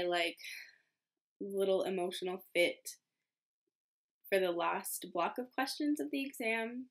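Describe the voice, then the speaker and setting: A woman's voice: mid-range voice, fairly bright tone. A woman in her twenties, a medical student, telling a story casually to the camera in a chatty way full of fillers and self-mocking remarks. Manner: chatty, filler-heavy, self-deprecating with frequent laughs. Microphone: camera mic, home recording.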